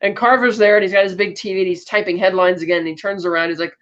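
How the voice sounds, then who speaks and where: Woman podcast co-host, casual plot-recap delivery with fillers, mid pitch, slightly muffled audio. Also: fairly even intonation, very fast, few pauses. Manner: chatty, with frequent fillers and restarts.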